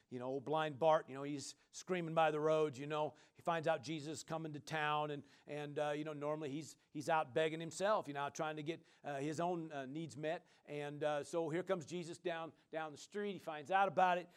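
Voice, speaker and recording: A man preaching a sermon, his voice sitting a little high for a man. He talks in a loose, conversational way, full of fillers and call-and-response amens. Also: fairly even intonation, a little fast, smooth. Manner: casual, conversational delivery with many fillers. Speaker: pastor.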